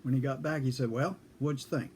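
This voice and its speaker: A man's voice: mid-range voice, fairly even intonation, fairly quick, a little mellow, a little hiss or hum. A man telling a casual story in a folksy, dry way, acting out both sides of a conversation. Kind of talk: casual spoken anecdote.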